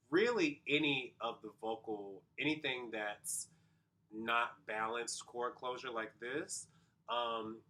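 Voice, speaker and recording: Bright-voiced male vocal coach explaining. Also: mid-range voice. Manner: talks through vocal technique, explains patiently to viewers. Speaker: vocal coach reacting to a performance. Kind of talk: casual explanatory commentary. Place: home, recorded at night.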